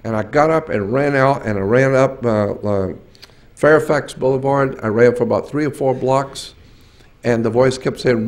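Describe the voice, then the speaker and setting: A man in his late sixties speaks at a symposium in an earnest, emphatic way. He tells personal stories and circles back over his phrases for weight. His voice sits in an ordinary middle pitch. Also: fairly even intonation, moderate pace, darkish tone. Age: 60s.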